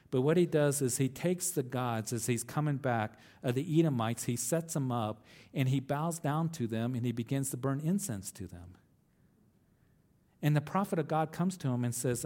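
A man preaching at a mid pitch, telling a Bible story in an easy, conversational style. He lifts his voice when he quotes the characters and falls back to his plain teaching tone for the lesson. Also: moderate pace, darkish tone. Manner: storytelling, acts out quoted lines with rising emphasis; conversational asides and restarts. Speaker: pastor.

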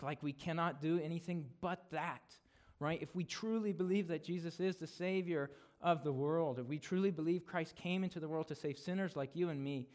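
A man preaching an expository sermon as a guest speaker in a conversational way. He often adds a quick "right?" and gets louder to stress a point, then drops soft to close it. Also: fairly high pitch.

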